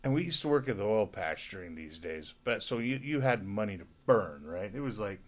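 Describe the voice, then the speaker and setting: A man's voice: lowish voice, expressive, brisk. A man, drunk, telling rambling profane stories as a podcast host, from Alberta in Canada. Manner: rambling, profane, laughing asides.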